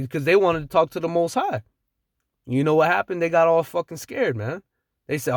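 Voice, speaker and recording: A man's voice: a little high, expressive, moderate pace, dry recording, studio quality. A man preaching from scripture, reading verses aloud and then riffing on them in blunt, slangy street talk with the odd chuckle.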